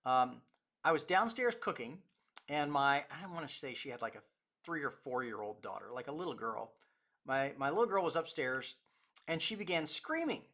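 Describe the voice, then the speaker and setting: A man's voice: a little high, expressive, normal speed, bright, forceful tone. A man, a pastor, teaching a recorded lecture and telling anecdotes in a conversational way with quoted dialogue.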